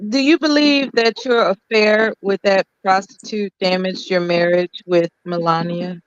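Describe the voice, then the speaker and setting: A woman on a comedy livestream panel, asking teasing questions in a deadpan way. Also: medium pitch, unhurried, clean tone, dry recording. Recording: dry, dull lo-fi stream audio.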